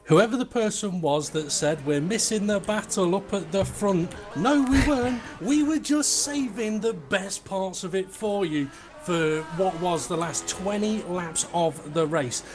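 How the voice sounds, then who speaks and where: A man's voice: high voice, a little slow, few pauses, a little hiss or hum. A young man co-commentating a sim race, chatty, joking and enthusiastic.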